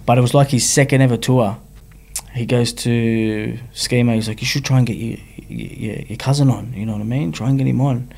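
A rapper from Sydney, Australia, recounts his personal story frankly as an interview guest, using slang and frequently asking "you know what I mean." He talks a little fast in a steady, creaky, slightly mellow mid-range voice.

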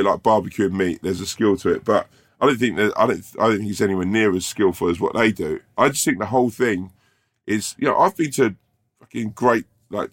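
A man co-hosting a podcast, rambling and swearing in casual banter and acting out little scenes. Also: on the low side. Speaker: podcast co-host.

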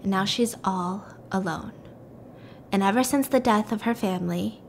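A woman hosting a podcast, casually retelling a story in a chatty, animated way, full of "like" fillers and acted-out quotes. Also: medium pitch, normal speed, slight background noise. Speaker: podcast host.

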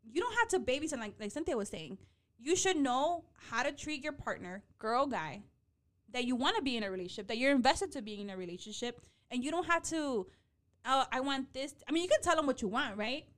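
A woman in her late twenties chatting casually as a co-host, animated and out of breath, swearing freely and slipping into Spanish. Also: high voice, fairly quick. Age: late 20s. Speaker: podcast co-host. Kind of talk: casual chat.

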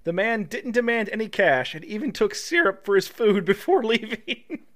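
A man's voice: high voice, very animated, normal speed, a bit bright. A man co-hosting a casual comedy podcast, reading news stories aloud and breaking off to joke and laugh. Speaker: podcast co-host.

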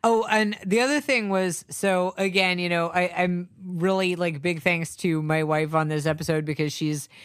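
A man's voice: high voice, fairly even intonation, normal speed, few pauses, a bit bright, clear, resonant tone, no echo, studio quality. A man co-hosting a podcast, chatting casually and digressively about a film, swearing now and then. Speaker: podcast co-host.

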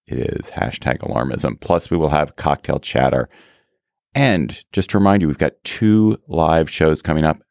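A man hosting a political podcast, talking in a relaxed, wry way with restarts and filler. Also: very deep voice, creaky, no echo, clean studio sound. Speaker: podcast host. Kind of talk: casual political podcast chat.

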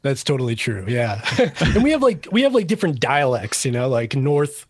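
A man with a light Boston accent, a guest on a casual interview, talking in a relaxed, rambling way and laughing easily. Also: medium pitch, moderate pace, slightly rough, no room sound, studio quality. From Billerica, Massachusetts. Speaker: guest, gear reviewer.

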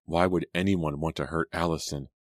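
A man's voice: rumbling low, steady tone, normal speed, no room sound, clean studio sound. A man voicing a blunt, dismissive teenage girl in an audiobook. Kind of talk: audiobook character voice.

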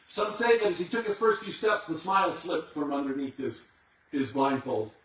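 A man's voice: a little high, normal speed, fairly bright tone. A man preaching a sermon as a dramatic storyteller who builds suspense. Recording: echoey hall, far from the mic.

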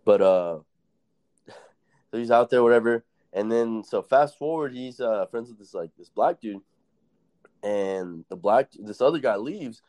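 A man's voice: medium pitch, animated, measured pace, darkish tone. A young man hosting a casual chat, telling stories in a rambling, profane way and laughing often. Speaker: podcast host.

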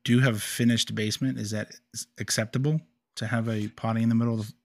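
A man's voice: lowish voice, level tone, quick pace, creaky, no room sound. A man co-hosting a podcast in casual chat, easygoing and teasing. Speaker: podcast co-host.

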